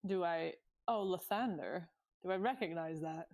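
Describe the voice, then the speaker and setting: A woman's voice: fairly low pitch, moderate pace, darkish tone. A woman playing a tabletop game, thinking aloud tentatively about her moves. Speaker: player. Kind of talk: casual tabletop play.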